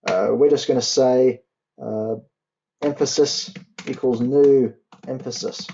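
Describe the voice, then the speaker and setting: A young man tutors a programming class, talking through each line of code as he types it and slowing down to spell out syntax. His voice is mellow and dark. The recording sounds dull and lo-fi, with keyboard typing and clicking behind him. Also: medium pitch, fairly even intonation, a little hiss or hum. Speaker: university tutor. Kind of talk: coding tutorial.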